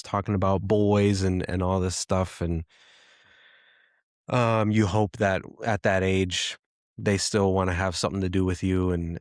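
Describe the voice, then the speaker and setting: A man in his thirties hosting a podcast, telling a personal story in a reflective, halting way with frequent restarts. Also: low voice, no echo, clean studio sound. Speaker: podcast host.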